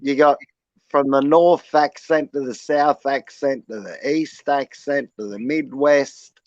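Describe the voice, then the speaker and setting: A man's voice: medium pitch, fairly even intonation, measured pace, a little mellow, dry recording. An Australian man hosting a casual livestream chat, slangy and conspiratorial in how he talks. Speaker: stream host. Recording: dull lo-fi audio.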